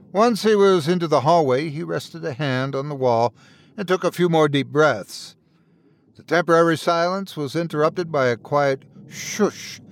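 A man narrating a scripted horror story with a dramatic, expressive delivery. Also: fairly high pitch.

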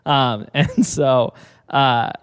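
A man's voice: medium pitch, fairly even intonation, very slow, clear, resonant tone. Rambling casual man, reverby room. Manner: rambling storyteller with fillers and laughs. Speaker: podcast co-host telling a business story. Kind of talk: casual chat.

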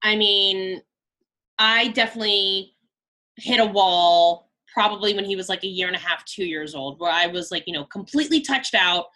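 A woman's voice: mid-range voice, moderate pace, pushed and bright. A woman in her thirties, a podcast guest chatting casually and filling her talk with "like" and "you know". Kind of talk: casual interview chat.

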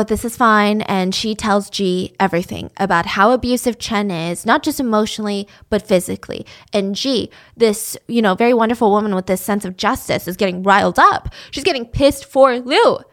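A young woman telling a true-crime story in a casual, chatty way, full of "like". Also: mid-range voice. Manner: chatty, lots of "like".

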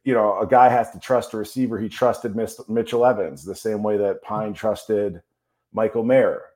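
A man's voice: fairly low pitch, steady tone, normal speed, dark tone. A man co-hosting a sports talk show, fired up and ranting about his team's play. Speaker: co-host, former player.

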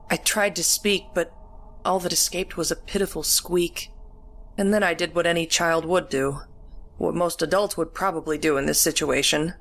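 A woman narrates a chilling first-person horror tale, reading in a measured, deliberate way. Her voice sits a little low for a woman. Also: fairly bright tone, a little hiss or hum. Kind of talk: scripted horror story narration.

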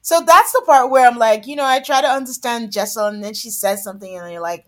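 A woman's voice: a little high, fast talker, few pauses, fairly bright tone. Chatty woman podcast co-host. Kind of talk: casual chat.

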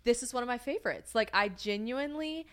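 A woman's voice: on the high side, animated, quick pace. A young woman co-hosting a podcast in casual chat, rambling, swearing freely and laughing often. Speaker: podcast co-host.

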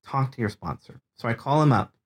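Appearing as a podcast guest, a man in his thirties candidly tells a personal story in an expressive mid-range voice at a fairly quick pace. He is earnest and emotional, rambling and restarting as he goes.

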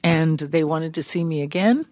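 A woman's voice: low-pitched, normal speed, dry recording. An older woman, a guest in a large studio room, telling stories animatedly with frequent laughs, her voice a little worn. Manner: animated, laughs often, acts out remembered lines. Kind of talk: casual interview storytelling.

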